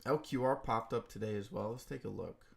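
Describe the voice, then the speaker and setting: A man hosts a casual livestream, thinking aloud in an offhand way full of fillers. His voice sits at an ordinary male pitch with a noticeably gravelly, creaky texture. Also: fairly quick. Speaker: stream host trading stocks.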